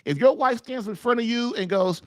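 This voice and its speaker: A man hosting a marriage podcast, telling stories in an animated way and laughing often. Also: very high voice, brisk, no room sound, clean studio sound. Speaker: podcast host and marriage coach. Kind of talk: casual call-in podcast talk.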